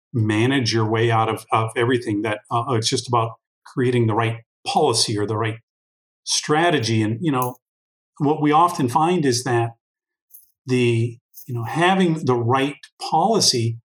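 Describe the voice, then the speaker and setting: Man, interview guest; mid-pitched, talks through ideas at length, plenty of restarts and "you know"s. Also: low-quality recording. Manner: thoughtful, long-winded, many restarts and fillers. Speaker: guest expert on workforce intelligence. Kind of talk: conversational interview answer.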